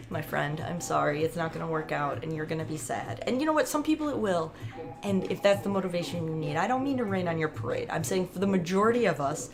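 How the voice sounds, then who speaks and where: A woman vlogger talking casually to camera, chatty and rambling, laughing often. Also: low voice.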